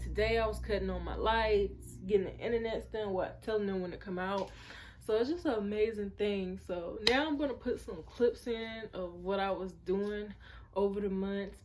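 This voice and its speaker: A woman's voice: medium pitch, slight background noise. Earnest chatty young woman vlogger. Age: 20s. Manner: chatty, addresses viewers as y'all; earnest, heartfelt storytelling. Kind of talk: personal story vlog.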